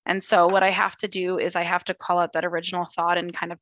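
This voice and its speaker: A woman's voice: on the low side, little pitch movement, fast, few pauses, fairly bright tone, dry recording, dull audio. A woman guest in a casual discussion, talking candidly and poking fun at herself. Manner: candid, self-mocking.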